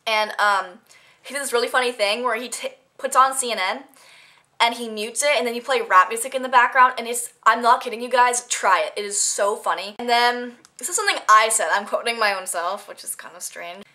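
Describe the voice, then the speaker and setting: A teenage girl chats to her camera without a script, telling one story after another. Her voice sits a little high and sounds bright and forward. She rambles, laughs easily and keeps it casual. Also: fairly quick. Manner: chatty, giggly, rambling storytelling. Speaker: vlogger. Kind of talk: casual unscripted vlog chat.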